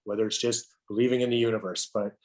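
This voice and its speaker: A middle-aged man, a podcast guest, tells an emotional personal story in a halting way, restarting and repeating words with many fillers. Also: lowish voice, fairly even intonation, a little mellow.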